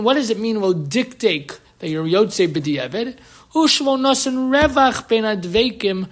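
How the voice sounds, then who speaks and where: A man teaching a class on Jewish law who slurs his L sounds and talks in a quick, animated way, posing questions and answering them himself. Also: high voice. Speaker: Torah teacher.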